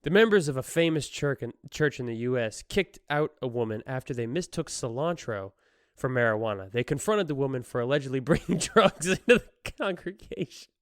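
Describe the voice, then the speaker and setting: A man's voice: medium pitch, lively intonation, a little fast, no echo, clean studio sound. A man hosting his own podcast, retelling a news story in casual chat and laughing often as he goes. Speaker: podcast host. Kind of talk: casual solo podcast commentary.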